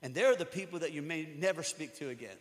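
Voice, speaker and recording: A man's voice: on the high side, lively intonation, quick pace. Male pastor, conversational sermon, joking asides, long hall reverb. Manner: conversational, joking, with acted-out quotes. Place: church hall before an audience. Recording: hall reverb with music behind.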